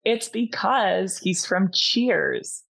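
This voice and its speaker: A woman's voice: medium pitch, animated, drawn-out words, gravelly, fairly bright tone. A woman from Massachusetts, a podcast guest, telling a story in casual chat and acting out the dialogue.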